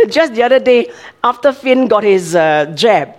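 A woman's voice: fairly high pitch, expressive, measured pace. An older woman, a grandmother, preaching a sermon in a conversational way, often checking with listeners and laughing.

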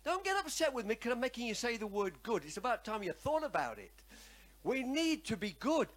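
A man's voice: very high voice, brisk. A man preaching a sermon, telling a personal story and calling on the congregation to repeat after him. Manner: animated, repetitive, calls for congregation response.

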